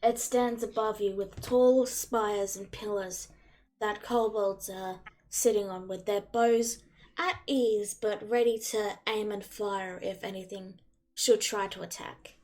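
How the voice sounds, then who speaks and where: A woman's voice: medium pitch, steady tone, takes it slowly, a little mellow. A woman running a tabletop game as game master, narrating casually over a voice call. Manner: casual, descriptive, with fillers.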